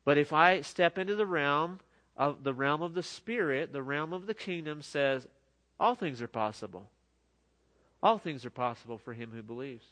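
A man's voice: a little high, moderate pace, a bit bright. Earnest, conversational male preacher. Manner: conversational, earnest, with frequent restarts. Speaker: pastor. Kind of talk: sermon.

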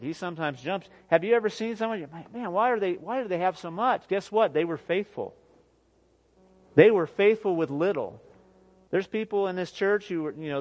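Emphatic preaching man, fairly high voice. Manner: emphatic preaching, rising to near shouts then dropping soft; repeats "guess what" and laughs at his own jokes. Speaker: pastor. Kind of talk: sermon.

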